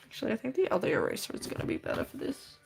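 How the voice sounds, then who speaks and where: A woman's voice: high-pitched, huge pitch swings, rapid-fire, gravelly, a little mellow, faint music behind. A woman chatting casually on a livestream while drawing, rambling with many fillers and easy laughs. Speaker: streamer.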